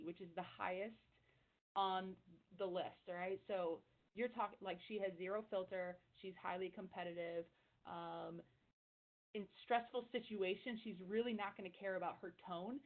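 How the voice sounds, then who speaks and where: A woman volleyball coach talking fast and energetically in a casual interview, over a tinny phone-like line. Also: mid-range voice.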